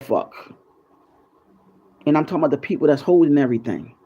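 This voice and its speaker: Fairly quick and expressive, this man's voice runs on the high side with a breathy edge. He's a YouTube channel host delivering a rambling, conspiratorial freestyle monologue to viewers, cursing freely, and the recording is dull and lo-fi.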